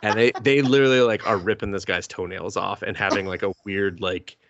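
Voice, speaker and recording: A man's voice: on the low side, fairly even intonation, a little fast, fairly bright tone, no room sound, highs cut off. A man co-hosting a podcast, recapping anime episodes in a loose, rambling way with lots of fillers and casual swearing. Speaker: podcast co-host.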